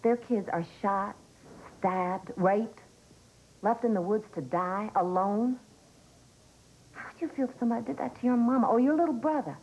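An actress playing a woman who quietly presses a prisoner with hard questions, in film dialogue. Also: on the high side, moderate pace, long pauses, highs cut off, a little hiss or hum, natural voice. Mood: earnest.

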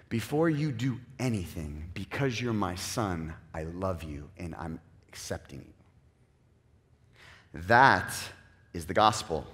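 A male pastor preaching a sermon in an animated way, acting out the voices he quotes and swinging from loud to hushed. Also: on the high side. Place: church sanctuary. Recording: long church reverb.

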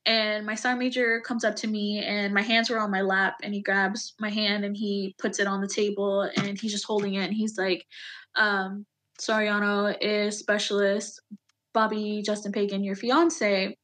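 Halting, emotional woman veteran recounting. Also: mid-range voice, little pitch movement, a bit bright. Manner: halting and emotional, with many fillers and restarts. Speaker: Army veteran guest. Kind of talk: personal storytelling in an interview.

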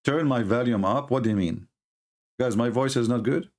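Hosting a livestream, this man mocks religious debate in a scornful way, using non-native English grammar. His voice is mid-range and a little mellow, at a moderate pace.

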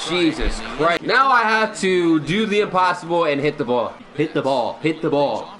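A young man streaming a baseball video game, yelling and cursing at it, then dropping to mutters and trash talk. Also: fairly high pitch, lively intonation, normal speed. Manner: loud, profane, swings between yelling and muttering. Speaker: gaming streamer. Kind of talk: raging gameplay commentary. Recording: game crowd noise behind.

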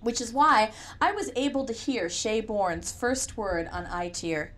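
With a wry, conversational touch, a woman narrates a first-person novel for an audiobook. She speaks at a measured pace in a medium-pitched voice that's a bit bright.

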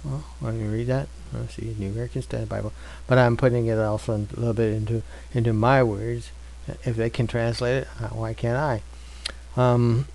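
A man's voice: mid-range voice, level tone, moderate pace, vocal fry, a little mellow, rough recording. A man teaching an informal Bible study, reading scripture and then asking rhetorical questions in a loose, conversational way.

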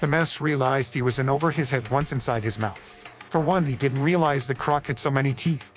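A man's AI-cloned voice giving deadpan scripted storybook narration full of crude jokes. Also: mid-range voice, brisk, soft background music.

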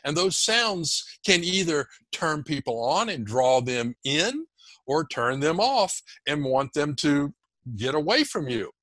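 An animated man explaining speaking skills on a podcast, his pitch leaping around as he drives each point home. His tone is bright and forceful, and the sound is close and dry. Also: slow pace, no room sound. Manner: animated, demonstrative, emphatic delivery. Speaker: communication coach guest. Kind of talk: energetic podcast interview.

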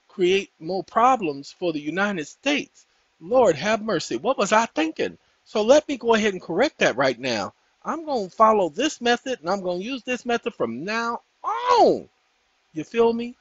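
A man hosting his own channel, talking viewers through a casual tutorial in a folksy, preachy way, often calling them ladies and gentlemen. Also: sits high. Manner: breaks off to talk to his dogs. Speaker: channel host. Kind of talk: casual screen-share tutorial. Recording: dull dry lo-fi sound.

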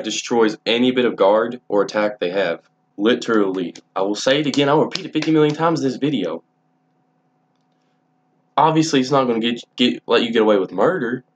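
A man's voice: mid-range voice, a little fast, highs cut off. A young man telling stories casually to camera, rambling and swearing freely with many restarts. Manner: rambling, profane, frequent restarts. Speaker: vlogger.

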